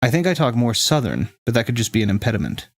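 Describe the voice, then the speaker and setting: A man's voice: medium pitch, big pitch swings, quick pace. A man with a fairly neutral American accent, streaming a game and chatting casually with viewers in a rambling, self-correcting way. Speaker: let's play streamer. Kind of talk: casual chat with viewers while gaming.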